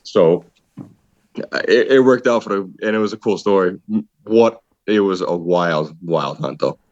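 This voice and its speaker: A man excitedly telling a hunting story in casual podcast chat, saying "dude" a lot. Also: low voice, a little slow, no echo, dull audio. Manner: excited, animated retelling with repeated "dude". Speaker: podcast guest, hunter.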